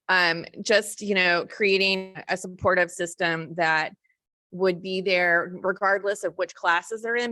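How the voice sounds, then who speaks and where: A woman's voice: fairly low pitch, pushed and bright, dry recording, clean studio sound. A woman speaking as a faculty fellow on a panel, in a conversational way with many fillers and self-corrections.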